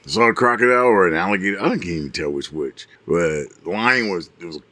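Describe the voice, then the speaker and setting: A man co-hosting a podcast, telling stories in an animated way, laughing and acting out voices. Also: sits low, fast talker, no room sound. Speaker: podcast co-host. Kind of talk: casual chat.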